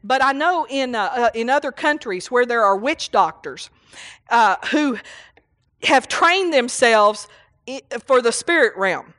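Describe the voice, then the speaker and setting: A woman's voice: fairly high pitch, lively intonation, unhurried, a bit bright. A woman preaching a rambling, folksy sermon at a church service, often laughing and saying hallelujah.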